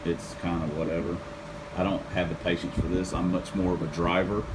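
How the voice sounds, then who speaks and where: A man's voice: deep voice, flat delivery, brisk, very noisy. A man hosting a casual car-project vlog from his home workshop, laid-back and rambling, poking fun at himself. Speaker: channel host.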